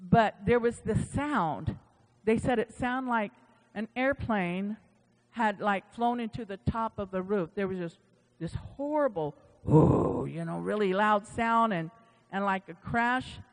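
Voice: mid-range voice, a little slow. A preacher giving a sermon in a church, animatedly retelling stories with quoted dialogue. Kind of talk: sermon storytelling. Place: church sanctuary. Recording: long church-hall reverb.

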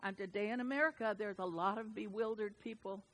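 A woman preaching a sermon with an animated, dynamic delivery that swings between hushed and loud. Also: medium pitch, fairly quick, in a large hall, poor audio.

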